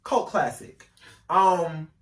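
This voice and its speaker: A man from North Carolina co-hosting a casual discussion podcast, telling stories in an animated way with lively asides. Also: a little high, extremely slow, background noise. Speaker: podcast co-host. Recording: roomy echo, mic at a distance.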